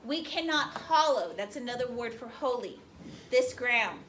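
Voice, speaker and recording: Animated and unhurried, a woman whose voice is on the high side and a bit bright reads a speech to her history class and shoots questions at them. The lecture was recorded from far off in the room, with slight noise.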